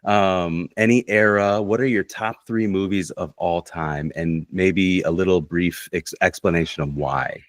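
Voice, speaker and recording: A man's voice: low voice, steady tone, unhurried, few pauses, dry recording. A man hosting a casual podcast, playful and teasing as he asks his guests questions. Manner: playful and teasing, keeps the conversation moving. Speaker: podcast host.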